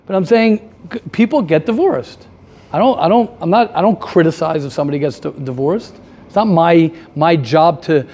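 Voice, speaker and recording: A man teaching a casual class, animated, firing rhetorical questions and repeating his points. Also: high-pitched. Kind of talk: casual lively classroom talk.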